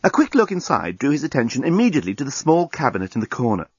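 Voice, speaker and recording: A man narrating a comic science-fiction story as an audiobook reader, in a dry, even storytelling manner. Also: medium pitch, quick pace, breathy edge, dry recording. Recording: dull lo-fi recording.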